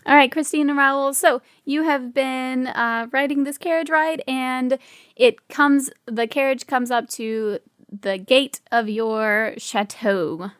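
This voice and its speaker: A woman narrating as game master in a tabletop role-play, calm and dry. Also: high-pitched, takes it slowly, smooth, dry recording.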